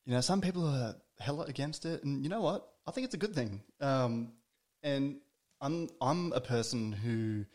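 A man's voice: mid-range voice, animated, moderate pace, darkish tone. Male host, conversational, teasing, mid-range voice. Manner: chatty, teasing, stumbling restarts. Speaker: podcast host. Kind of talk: casual interview chat.

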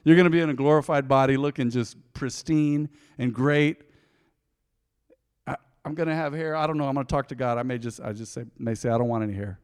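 Emphatic preacher with a reverberant sound. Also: male voice, medium pitch, brisk, smooth. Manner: swings from emphatic to soft and reflective, talks to listeners directly. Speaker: pastor. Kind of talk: devotional Bible teaching.

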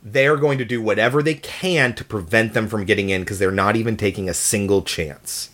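A podcast co-host talking in a measured, explanatory way during a casual film discussion. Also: mid-range voice, fairly bright tone.

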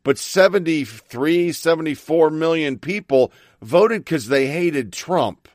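A man's voice: a little high, animated, takes it slowly, no echo, studio quality. A middle-aged man hosting a talk show, ranting bluntly and angrily with plenty of swearing. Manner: angry, blunt and profane ranting. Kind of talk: opinionated talk radio monologue.

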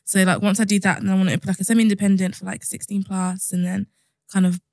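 A woman's voice: mid-range voice, little pitch movement, fast talker, mellow, no room sound, clean studio sound. A young woman, a care worker chatting bluntly with lots of fillers in casual conversation.

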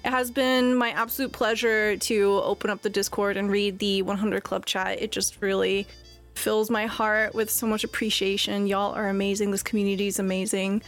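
A woman's voice: mid-range voice, level tone, normal speed, soft background music. A woman who plays in a tabletop game show, giving heartfelt, gushing thanks and fighting back tears. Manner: warm, gushing, close to tears. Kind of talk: casual farewell chat.

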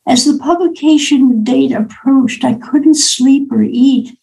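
Older woman, author telling her own story, a bit high, gravelly edge, acts out dialogue. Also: slow pace, dark tone, rough recording. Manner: personal, anecdotal, acts out quoted dialogue. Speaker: author and speaker. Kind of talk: storytelling talk.

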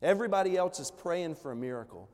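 A man delivers a sermon in a chatty, storytelling way, full of fillers and asides. His voice sits somewhat high for a man. The sound carries a long reverb from a church sanctuary. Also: expressive, fast, a little mellow. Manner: conversational storytelling preaching, many fillers. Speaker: pastor.

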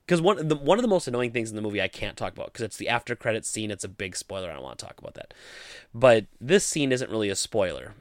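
A man's voice: on the low side, no room sound, studio quality. A man giving a casual, opinionated movie review, sounding exasperated as he critiques the film.

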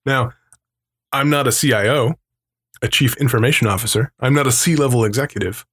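A man in casual podcast chat, talking at an ordinary middle pitch. He rambles along, laughs often, and slips into the voices of the people he quotes. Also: a little fast, a bit bright, breathy edge. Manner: rambling storyteller who acts out quoted voices; laughs often between remarks. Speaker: podcast co-host.

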